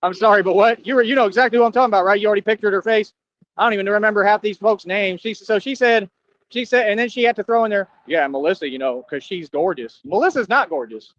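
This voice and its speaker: A man's voice: high voice, fast talker, a bit bright, a little hiss or hum. A man delivering a boastful, confrontational monologue as a streamer, taunting his listeners. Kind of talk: ranting monologue. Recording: dull lo-fi sound.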